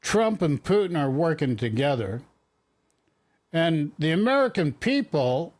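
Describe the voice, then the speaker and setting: A man's voice: a little high, big pitch swings, unhurried, darkish tone. A man hosting a political commentary show, talking casually and sounding exasperated, often repeating his points.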